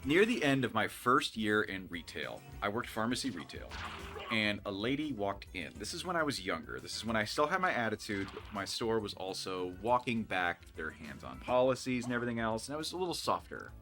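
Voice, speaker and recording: Guy telling a wild work story, lively swoopy voice, bright tone, acts out everyone. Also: on the low side, brisk, faint music behind. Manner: animated, acts out the people in his story. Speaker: co-host. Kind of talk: casual storytelling over gameplay.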